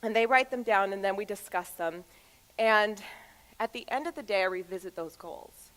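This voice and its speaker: A woman in her thirties, a motivational speaker telling personal stories to a live audience with emphatic pauses. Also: medium pitch. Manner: expressive, animated storyteller with emphatic pauses. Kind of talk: storytelling talk to an audience.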